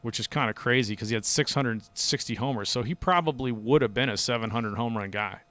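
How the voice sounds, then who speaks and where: A man's voice: mid-range voice, brisk, fairly bright tone. A man hosting a podcast, telling stories in a loose, rambling, chatty way. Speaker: podcast host. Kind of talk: casual podcast chat.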